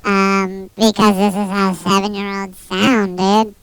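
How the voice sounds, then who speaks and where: A man voicing a cocky, taunting seven-year-old kid through a pitch-shifting voice effect. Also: little pitch movement, unhurried, creaky, a bit bright, clean tone, exaggerated voice. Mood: smug. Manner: taunting, mocking.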